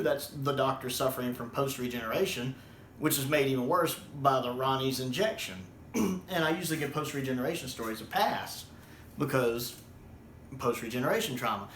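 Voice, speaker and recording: A man's voice: fairly high pitch, a bit bright, echoey room, a little hiss or hum. A man from the United States giving a casual, rambling spoken review with plenty of ums and restarts. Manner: rambling, with many ums and repeated words. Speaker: video reviewer.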